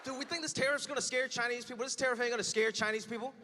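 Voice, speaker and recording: This man's very high voice stays steady in tone as he delivers a rapid-fire stand-up set, with a crowd in the background. On stage before a live audience, he acts out his parents and other people. The recording has a long live-hall reverb and audience noise.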